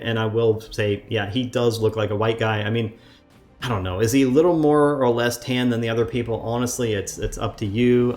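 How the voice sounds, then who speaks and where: A man's voice: lowish voice, a little mellow. A man giving reaction commentary, reading an article aloud and arguing back at its writer with emphatic rhetorical questions, often stumbling over fillers and restarts. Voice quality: frequent fillers and self-corrections.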